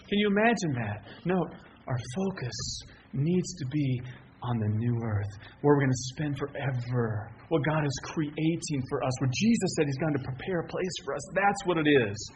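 A male pastor preaching a sermon, telling stories in an animated way and shouting out acted quotes. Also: a little high, normal speed, muffled recording, a little hiss or hum.

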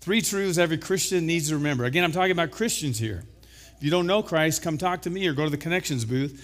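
A man preaching a sermon as pastor, slightly hoarse from illness, building to emphatic exclamations. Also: on the high side, quick pace. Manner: emphatic, rising to loud exclamations.

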